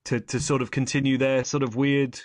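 A man's voice: mid-range voice, flat delivery, fairly quick, no room sound, clean studio sound. A young man co-hosting a casual film review chat, rambling and correcting himself with wry asides. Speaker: podcast co-host.

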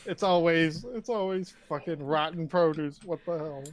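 A man's voice: on the high side, normal speed. A young man with a slightly raised voice riffs casually on a film. His remarks are blunt, profane and mocking. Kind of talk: casual movie chat.

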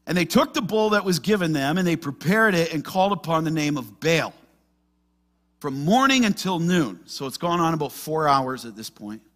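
Animated preacher man, bright lively voice. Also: fairly high pitch, moderate pace. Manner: animated, acts out quoted voices. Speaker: pastor. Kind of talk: expository sermon.

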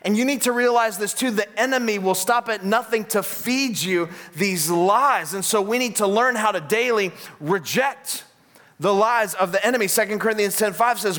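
A man preaching a sermon as pastor, animated and acting out the voices he quotes. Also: sits high, moderate pace.

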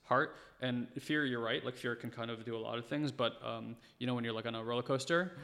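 Man in his thirties, gravelly voice, fast and animated, reverberant room. Podcast guest. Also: mid-range voice. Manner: fast-talking, animated storytelling with lots of fillers. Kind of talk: casual conversation.

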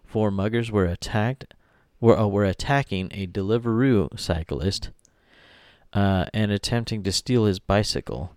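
In clean studio sound with no echo, a man co-hosts a podcast, reading news headlines aloud and tossing in jokey asides during casual chat. His voice is on the low side and darkish, at a measured pace.

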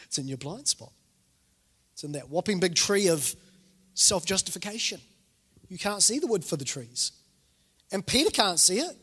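A man's voice: high voice, normal speed, long pauses, breathy edge. A man, preaching a sermon as a pastor and acting out the voices in the stories he tells. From New Zealand. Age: 40s. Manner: animated storytelling, acting out quoted voices. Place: church hall. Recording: reverberant church hall.

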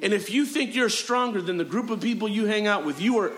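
High bright-voiced preaching man. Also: fairly quick. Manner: preaching with frequent amens and hallelujahs, repetitive rhythmic phrasing. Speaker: pastor. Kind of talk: sermon. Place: church sanctuary.

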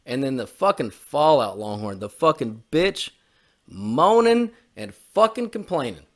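In a medium-pitched, sing-song voice at a measured pace, a man co-hosting a podcast vents his political opinions. The rant is heated and profane, with the same swearing coming up over and over.

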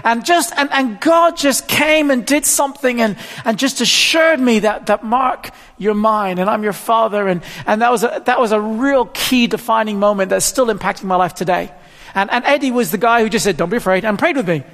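A man's voice: very high-pitched, fairly quick, fairly bright tone. A man in his fifties preaching a sermon in a church hall, chatty and self-deprecating, often stumbling and repeating words. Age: 50s. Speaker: pastor. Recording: long hall reverb.

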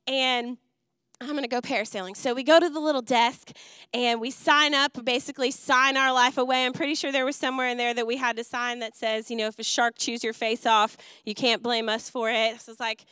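A woman pastor preaching in a church, telling her story with lively energy and acted-out quotes. Her voice is high and bright, smooth and clear. The sound is dry and close. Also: a little fast, no room sound. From Wisconsin. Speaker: youth and missions pastor. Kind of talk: sermon. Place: church auditorium.

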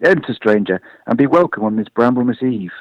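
A man voicing a calm, commanding rabbit chieftain father in a storybook reading, speaking in a measured, formal way. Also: mid-range voice, no room sound, highs cut off, natural voice.

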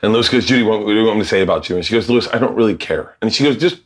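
A man's voice: lowish voice, very fast. A middle-aged man, a comedian, telling stories in casual chat, acting out quoted voices, laughing and swearing often. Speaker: comedian host of a cooking show. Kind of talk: casual storytelling among comedians.

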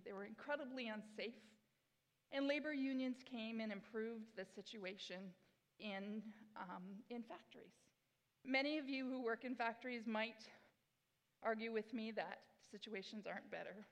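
A woman in her forties giving a sermon as pastor, chatty and self-deprecating, with bursts of enthusiasm. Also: on the high side. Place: church sanctuary. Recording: long hall reverb in a church.

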